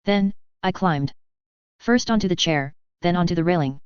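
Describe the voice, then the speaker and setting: Low, clear woman narrating a tense story. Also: normal speed, dry recording. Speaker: audiobook reader. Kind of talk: first-person fiction narration. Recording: dry, slightly muffled recording.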